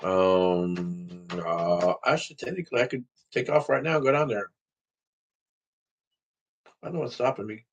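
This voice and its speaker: A man's voice: on the low side, steady tone, moderate pace, long pauses, lo-fi sound. A man talking straight to the camera in a casual vlog, rambling and swearing freely. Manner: profane, rambling talk to camera. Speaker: vlogger.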